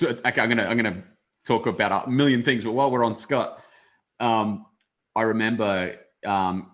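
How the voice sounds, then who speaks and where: A man's voice: on the low side, a bit bright. An Australian man interviewing on a video call, effusive and full of hesitant ums. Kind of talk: casual conversation on a video call.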